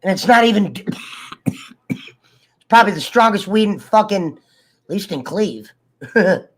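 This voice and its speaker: Here a coughing, ill man talks to his viewers in an easygoing, wandering way, cursing, joking and laughing between bouts of coughing. His high voice is animated, and he takes his time.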